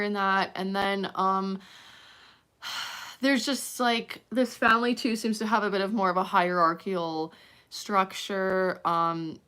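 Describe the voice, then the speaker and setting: A young woman rambling through a personal vlog, halting with many fillers and restarts and turning heated as she goes. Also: medium pitch, steady tone, sharp tone, clear, resonant tone. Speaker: vlogger.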